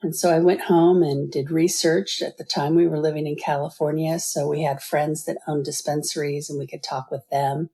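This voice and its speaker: Woman guest, middle-aged, gravelly and dark-toned, earnest storyteller. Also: low voice, flat delivery, moderate pace, few pauses. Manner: earnest, acts out quoted voices. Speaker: guest, business founder. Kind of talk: interview storytelling.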